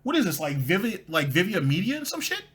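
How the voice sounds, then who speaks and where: A man with a slightly raised, husky voice gives sarcastic running commentary. He talks in a dry, mocking tone, as if speaking straight to his audience. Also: high-pitched, big pitch swings, fast, fairly bright tone. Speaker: commentary host. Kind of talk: sarcastic commentary over clips.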